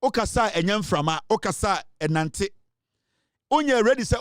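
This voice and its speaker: High-voiced emphatic Ghanaian man. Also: lively intonation, fairly quick, no echo, studio quality. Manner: emphatic, scolding, mixing Twi and English. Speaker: political commentator. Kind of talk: impassioned political commentary.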